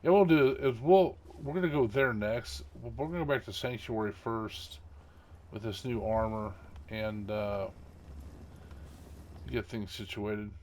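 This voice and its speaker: A man's voice: lowish voice, unhurried, darkish tone, a little hiss or hum. A middle-aged man hosting a gaming channel, chatting casually over gameplay in a rambling way, with many fillers and chuckles.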